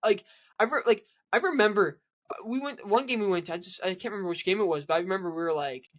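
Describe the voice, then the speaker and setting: A man's voice: high voice, quick pace, a bit bright. A man co-hosting a casual sports podcast, rambling with many restarts and fillers. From Canada. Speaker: podcast co-host.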